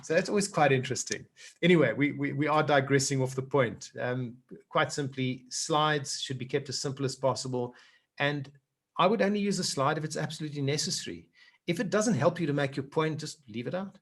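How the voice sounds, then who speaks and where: A man's voice: a little high, animated, fairly quick. A man with a South African accent, a public speaking trainer answering questions in a talk, anecdotal and full of restarts. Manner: rambling and anecdotal, with many restarts.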